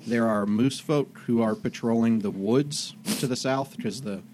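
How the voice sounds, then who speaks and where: A man's voice: mid-range voice, measured pace, noisy background. A young man running a tabletop game, summarizing events in a rambling way with many fillers. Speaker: game master.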